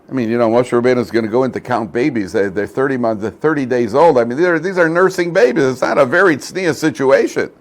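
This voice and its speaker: A man's voice: mid-range voice, fast talker, hardly any pauses. A man, a rabbi, teaching a Torah class and telling stories, acting out the dialogue and often chuckling as he guides his students through the text. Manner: lively storyteller who acts out dialogue and chuckles often; addresses the class directly and points them to the text.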